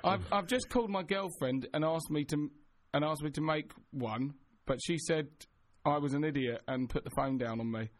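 A man's voice: fairly high pitch, moderate pace, few pauses, slight background noise. A man co-hosting a radio show, bantering and reading out listener messages. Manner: jokey, reads out listener messages. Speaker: radio co-host. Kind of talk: casual banter.

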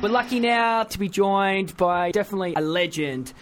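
A man presenting a radio show, lively and welcoming. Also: sits high, normal speed. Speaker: radio host. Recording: radio studio with music bed.

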